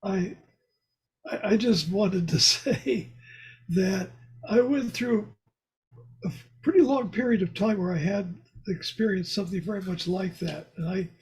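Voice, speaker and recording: A man's voice: high voice, measured pace, a little mellow, slightly rough. A man telling a story in a casual group discussion over a video call, rambling and laughing as he talks. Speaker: course participant.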